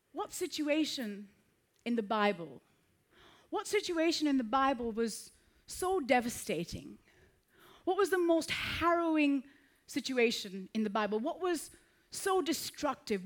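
A woman preaching a sermon in rhythmic repeated phrases, swelling to loud peaks and dropping to soft tones. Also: sits high.

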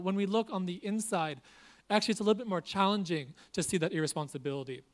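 Man, young, pastor, sermon on a church stage, earnest, repetitive, self-mocking humor, smooth clear voice. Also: sits high, fast. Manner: preaches with lots of repetition.

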